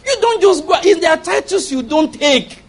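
A man's voice: very high-pitched, expressive, moderate pace, vocal fry. A man preaching a sermon, driving points home with repetition and call-and-response questions to the congregation. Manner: emphatic call-and-response preaching, repeating key phrases.

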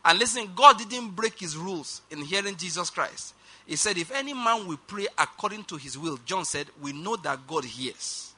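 Male preacher, high and very bright voice, emphatic sermon delivery, drawn-out scripture reading, quick asides to the congregation. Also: expressive, slightly rough. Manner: emphatic, slows down for quoted scripture; rushed asides, calls on congregation to repeat.

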